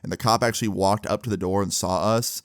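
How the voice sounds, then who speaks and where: A man's voice: fairly low pitch, steady tone, fast, dry recording, clean studio sound. A young man telling a personal story in a casual, chatty way, with lots of fillers and swearing.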